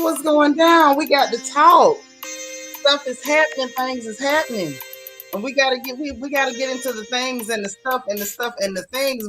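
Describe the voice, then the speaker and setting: A woman's voice: a little high, bright, forceful tone. A woman hosting a live gossip stream, chatting and greeting viewers by name. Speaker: host of a live gossip show. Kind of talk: casual live-stream chat.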